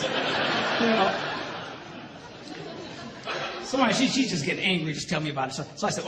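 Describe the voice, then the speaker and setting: A middle-aged man, a pastor, giving a humorous talk to an audience. He tells stories, acts out the dialogue and jumps into high squeaks. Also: sing-song, moderate pace, long pauses, crowd noise. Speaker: pastor and speaker. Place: large hall with a live audience. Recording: echoey hall recording with audience noise.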